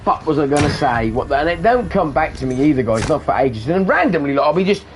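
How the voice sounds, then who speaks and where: A man's voice: fairly high pitch, big pitch swings, fast talker, background noise. A man talking casually and rambling while he plays a shooter, swearing often and calling his viewers "guys". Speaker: gamer streamer. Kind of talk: casual chat while gaming.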